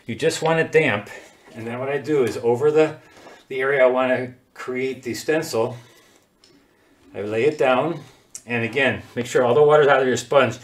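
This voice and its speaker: A man teaching a casual watercolor paint-along, chatty and quick to laugh while he works. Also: medium pitch. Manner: chatty, laughs often, talks while working. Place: home studio. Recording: echoey room.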